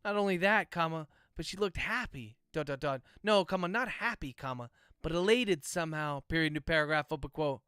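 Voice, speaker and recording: A man speaks in a slightly high, pushed and bright voice with a clean tone, lively intonation, a brisk pace and few pauses. An author on a livestream, he dictates his novel aloud with every punctuation mark spoken and tosses chatty asides to viewers between passages. The recording is dry with clean studio sound.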